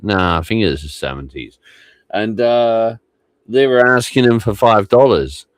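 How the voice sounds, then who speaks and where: A man's voice: on the low side, measured pace, dry recording, studio quality. A man hosting a livestream podcast, rambling and swearing casually as he gives context to old clips. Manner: rambling, swears often, trails off. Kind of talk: casual commentary over archive clips.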